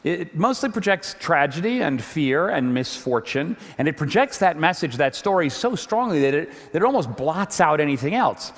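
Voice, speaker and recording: A man giving a lively stage talk to an audience, animated, often repeating words as he builds up steam. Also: a little high, moderate pace, hardly any pauses, big-room sound. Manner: animated, repeats words when getting going.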